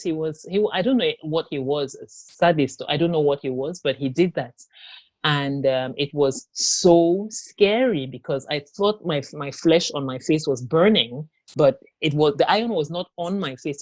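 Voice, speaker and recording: A woman telling her own story in an interview, speaking haltingly with many fillers and restarts. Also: low-pitched, a little mellow, no room sound. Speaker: interview guest. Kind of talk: personal testimony in an interview.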